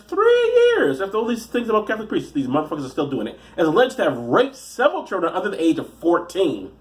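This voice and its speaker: A man giving profane comic commentary on news stories, rambling and halting, with frequent restarts and asides. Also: sits high. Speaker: comedian reading the news.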